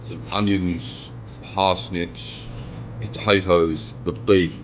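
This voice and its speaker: Low-voiced man savoring a restaurant meal. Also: very slow, slight background noise. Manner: relaxed, savoring each bite with frequent hums. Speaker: food vlogger. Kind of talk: casual food review. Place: indoor restaurant. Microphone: camera set on the table. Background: faint background music.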